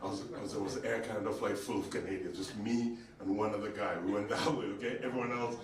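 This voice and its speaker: A man from Uganda, performing a live stand-up set of conversational stories that burst into yelled punchlines. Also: lowish voice, fairly even intonation, fast, slight background noise. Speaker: stand-up comedian. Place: theatre stage with live audience. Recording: echoey theatre, distant mic, audience laughter.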